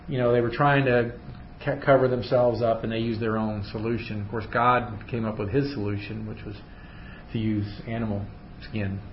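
A man leading a Bible study who reads scripture aloud and then explains it in loose, chatty asides. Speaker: Bible teacher. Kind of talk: conversational Bible study teaching. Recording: roomy, dull recording with faint rumble.

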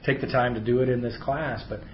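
A man's voice: medium pitch, fairly even intonation, fast talker, roomy sound. Middle-aged guy teaching bible class, chatty, slightly muffled audio w faint hiss. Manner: conversational, often asks rhetorical questions.

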